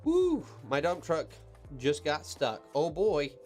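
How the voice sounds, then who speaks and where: A man's voice: fairly high pitch, wildly swooping pitch, slow. A man who runs heavy equipment, hosting a casual live stream Q&A. He reads viewer comments aloud and answers them with loose, chatty advice, talking from an equipment cab with faint music behind.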